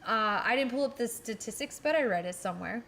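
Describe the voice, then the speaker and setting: A woman's voice: fairly high pitch, animated, quick pace, gravelly, fairly bright tone. A woman co-hosting a casual podcast chat, blunt and swearing freely, laughing now and then as she talks. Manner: blunt, swears often, laughs mid-sentence. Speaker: podcast co-host.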